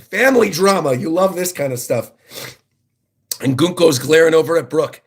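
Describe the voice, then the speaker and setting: A man hosting a livestream who reacts excitedly to a new manga chapter and reads the panels aloud. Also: on the high side, normal speed, breathy edge. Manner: excited, enthusiastic commentary.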